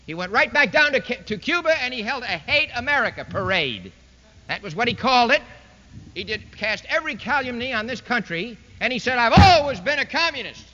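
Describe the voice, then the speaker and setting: A man's voice: very high voice, very animated, a little fast, pushed and bright. A man giving a sarcastic, emphatic public lecture speech to a university audience, in a dull lo-fi 1960s archival recording made in a large hall. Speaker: political speaker addressing a university audience.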